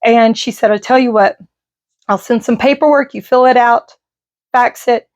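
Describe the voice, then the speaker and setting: A woman's voice: a little high, steady tone, normal speed. A middle-aged woman vlogging, telling a personal story in a rambling, emotional way with many fillers. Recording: slightly dull lo-fi audio.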